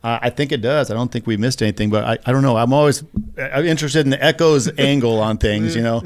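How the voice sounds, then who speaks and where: A man's voice: mid-range voice, fast, no echo. A man appearing as a guest on a podcast, talking earnestly and gratefully in a loose, rambling way. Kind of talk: casual podcast conversation.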